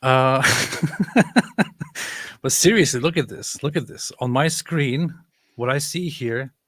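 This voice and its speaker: A man's voice: medium pitch, slow pace, a bit bright, dry recording. A man hosting a casual live stream, reading out viewer comments with stammering, joking asides. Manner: stammering, jokey, reads comments aloud with dry asides. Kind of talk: casual chat. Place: live stream, sharing his screen.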